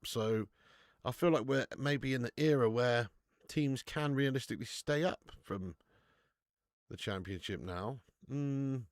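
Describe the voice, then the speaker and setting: A young man hosting a live football watch-along, chatting casually, swearing freely and answering viewers' comments out loud. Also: fairly high pitch, dry recording, studio quality. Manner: excitable, swears, reads chat comments aloud. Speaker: live-stream host.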